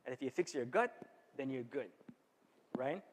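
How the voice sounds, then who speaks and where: A man's voice: medium pitch, expressive, moderate pace. A man giving an informal health talk to a church audience, often checking in with them by asking "right?". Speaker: health seminar speaker. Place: church hall. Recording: long hall reverb.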